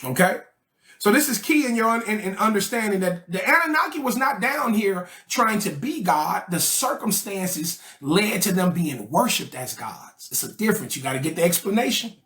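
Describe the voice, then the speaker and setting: A man's voice: high voice, very animated, moderate pace, bright, forceful tone. Guy breaking down an old text for his class, slangy and jokey, keeps asking "right?". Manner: slangy, joking, frequent "okay?" and "right?" checks. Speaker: study group teacher. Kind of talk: casual explanatory lecture.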